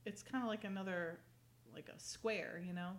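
Woman recapping a tv episode, chatty, laughs a lot, mid pitch. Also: fairly even intonation, moderate pace. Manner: chatty, laughs often, acts out quoted lines. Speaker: podcast co-host recapping a TV episode. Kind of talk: casual chat.

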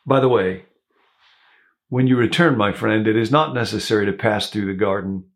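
A man reading as a kindly old bishop, gravelly and gentle. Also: on the low side, moderate pace, close to an everyday voice. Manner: warm, solemn storytelling read-aloud.

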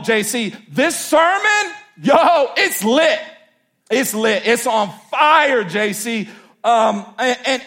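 A man's voice: extremely high pitch, a bit bright, voice pushed up, heavily acted. A man voicing a bold, brash male disciple who stammers and wheedles. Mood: wheedling. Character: brash, bold male disciple Peter pleading with his teacher.

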